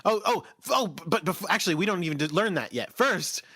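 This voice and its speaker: Male podcast co-host, lively up-and-down delivery, slightly higher voice, rambling recap, close dry sound. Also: fairly quick, slightly rough, no room sound. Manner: rambling, self-correcting, lively storytelling. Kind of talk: casual chat recapping an episode.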